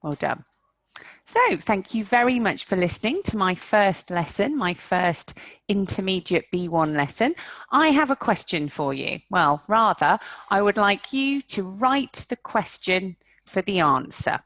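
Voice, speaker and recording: A woman teaching English online, moving slowly through her lines with a lively, swooping pitch. Her voice sits a little low and carries some gravelly fry, and the recording is dry and close. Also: no echo. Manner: slow, carefully enunciated teaching with exaggerated intonation.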